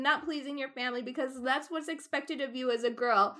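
A young woman co-hosting a casual book discussion podcast, animated and full of "like", raising her voice when upset. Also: sits high, fairly quick, hardly any pauses. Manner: animated, frequent "like", gets loud when upset.

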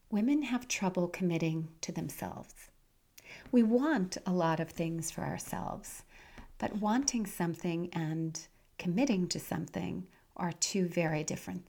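A middle-aged woman hosting a podcast, earnest and motivational, her voice hoarse and nasal from a head cold. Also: on the low side, a little mellow. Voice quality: raspy. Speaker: podcast host and life coach. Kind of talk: podcast monologue.

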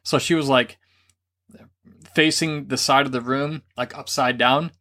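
A man's voice: mid-range voice, unhurried. A man co-hosting a podcast, casually telling a racy story with laughs and acted-out quotes. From grew up Catholic. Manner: animated, laughing, acts out quotes. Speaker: podcast co-host.

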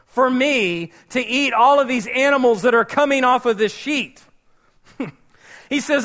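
A man with a high voice preaches to his congregation. He tells the story with lively, animated storytelling and slips into the voices of its characters. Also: normal speed. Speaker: pastor. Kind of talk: sermon.

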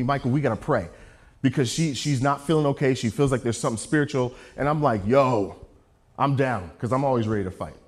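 A man preaching a sermon, telling a story with jokes in an animated, self-mocking way. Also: mid-range voice.

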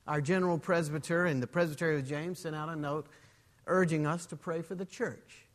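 A man preaching a sermon as pastor in a church, in a measured way. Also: fairly high pitch, fairly even intonation, in a large hall.

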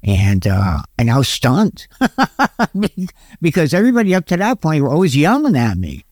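A middle-aged male guest tells his recovery story candidly, folksy and self-mocking, often laughing at himself and dropping into a deeper voice to quote sayings. His pitch swoops wildly at a measured pace, with a darkish tone in a dry, clean studio recording.

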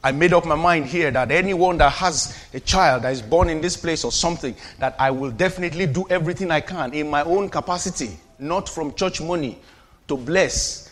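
A man preaching as a pastor, calling to the congregation and dropping from loud declarations to quiet asides. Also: fairly high pitch, a little fast. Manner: preachy call-and-response, swings from shouting to quiet asides. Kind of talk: sermon.

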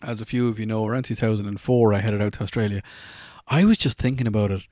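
A man's voice: lowish voice, fast, mellow, no echo, clean studio sound. An Irish man in his forties, a podcast host rambling through funny anecdotes and laughing at his own stories. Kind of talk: casual anecdotal storytelling.

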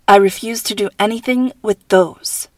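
Woman doing blunt grumpy teen girl, talks quick, dry sound. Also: mid-range voice, fairly even intonation, a little mellow, no echo, lightly acted. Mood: grumbling. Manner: blunt, grumbling. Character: blunt tough teenage girl.

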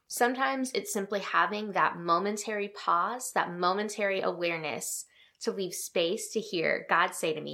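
A woman hosts a reflective devotional podcast, talking in a gentle, earnest way. Her voice has a gravelly edge and sits at an ordinary middle pitch. She reads scripture passages aloud in a calm, steady tone. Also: moderate pace.

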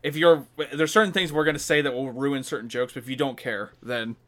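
A man's voice: medium pitch, fairly even intonation, fairly quick, fairly bright tone. A man co-hosting a podcast in casual chat, laughing often and swearing as he retells scenes. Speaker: podcast co-host.

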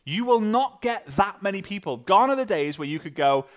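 A man coaching an online audience on sales messaging, energetic and animated, acting out sample messages. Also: normal speed. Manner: energetic, with big jumps in pitch and loudness; acts out sample messages in different voices. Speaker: sales and network marketing coach.

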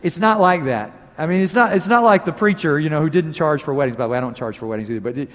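Animated preacher in an echoing hall. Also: male voice, fast. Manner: animated storytelling, voice rising for emphasis and dropping low. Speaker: pastor. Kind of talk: sermon. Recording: long reverb of a large hall.

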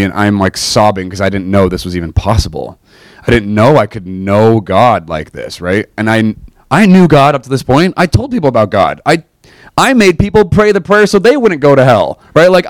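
A young man casually telling a personal faith story to listeners, animated and self-mocking, often checking in with "right?". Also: fairly low pitch, no room sound.

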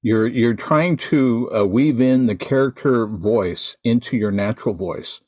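A man's voice: medium pitch, a little slow, a little mellow, no room sound. An American man who teaches Santa performers, giving emphatic, teacherly advice on a podcast and repeating his points. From United States. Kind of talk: instructive podcast talk.

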